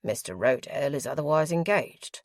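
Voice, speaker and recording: A woman's voice: low-pitched, completely flat delivery, very slow, gravelly, a bit bright, husky, no echo, clean studio sound, heavily acted. A woman voicing a large, beefy male doorman who speaks brusquely and mockingly. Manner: brusque, curt.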